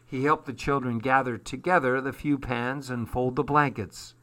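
A man reading a children's storybook aloud in a slow, measured way. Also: mid-range voice, fairly even intonation, a bit bright. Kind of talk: storybook narration.

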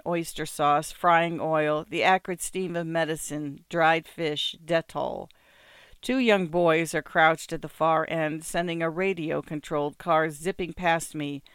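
A narrator giving a measured, descriptive first-person reading of a literary story. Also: medium pitch, fairly bright tone, no echo, clean studio sound. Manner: measured, descriptive, smooth delivery.

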